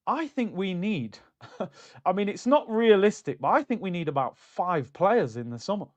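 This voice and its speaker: A man hosting a casual football livestream, talking in an animated, chatty way and answering comments from his chat. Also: high-pitched, moderate pace, highs cut off. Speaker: football streamer.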